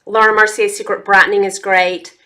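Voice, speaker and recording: A woman's voice: medium pitch, level tone, a little fast, pushed and bright. A woman chatting casually through a makeup tutorial, talking straight to her viewers. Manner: chatty, addresses viewers as y'all. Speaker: beauty vlogger.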